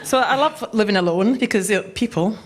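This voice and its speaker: A woman's voice: medium pitch, fast talker, noisy background. A woman doing a stand-up set, dry and self-deprecating. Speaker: stand-up comedian.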